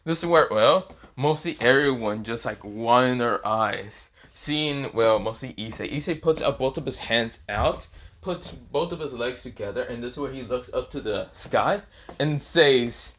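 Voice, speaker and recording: A man's voice: medium pitch, unhurried, fairly bright tone. A young man improvising fan-fiction narration, rambling with lots of fillers and swearing. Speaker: storyteller.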